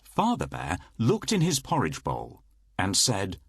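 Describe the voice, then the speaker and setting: A man reading a children's storybook aloud at a slow, gentle pace. His voice swings widely in a sing-song way, slightly husky and close and dry. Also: low voice, huge pitch swings, no room sound. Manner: slow, lilting read-aloud delivery. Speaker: narrator. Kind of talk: scripted storybook narration for children.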